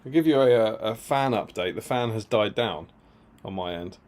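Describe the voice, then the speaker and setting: A man's voice: fairly low pitch, moderate pace, a little mellow. A man co-hosting a live stream, bantering with his co-host in a dry, teasing way. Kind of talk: casual live-stream chat.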